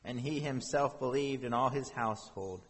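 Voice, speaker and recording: A man's voice: medium pitch, moderate pace, husky, long reverb tail. A man preaching a sermon as pastor, reading scripture and speaking in an earnest, conversational way.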